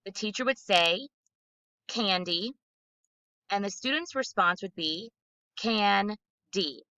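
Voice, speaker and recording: Bright, methodical woman presenter. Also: medium pitch, animated, no echo, muffled recording. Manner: clear, methodical, slows to model syllables aloud. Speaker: literacy trainer. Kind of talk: instructional presentation for teachers.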